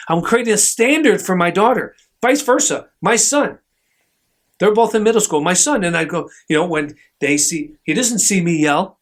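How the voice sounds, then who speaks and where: A middle-aged man hosting a podcast, telling stories in an animated, emphatic way and acting out the voices in them. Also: high voice. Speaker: podcast host, chiropractor. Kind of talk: motivational talk.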